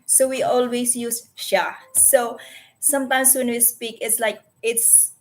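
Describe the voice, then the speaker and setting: A woman's voice: a little high, little pitch movement, slow pace. Filipino-accented woman in her 40s doing a live stream at her computer, earnest, keeps restarting and fixing her words. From Philippines. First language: Tagalog. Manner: earnest, searching for words, frequent self-corrections. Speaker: livestream host. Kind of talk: casual live-stream chat.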